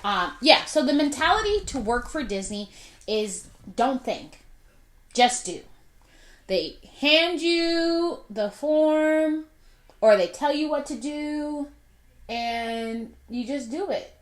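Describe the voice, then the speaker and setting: A woman's voice: high voice, lively intonation. A woman in her twenties telling a personal story in a chatty way, with lots of fillers, while doing her makeup. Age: 20s. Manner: chatty, many fillers, drawn-out asides. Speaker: vlogger. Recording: echoey room.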